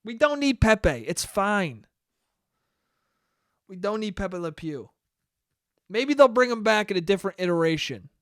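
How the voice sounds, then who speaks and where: Young male podcast host, rambling and profane, crisp voice, dry close sound. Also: high voice, sing-song, unhurried, pauses often, fairly bright tone, no room sound. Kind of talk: casual solo podcast monologue.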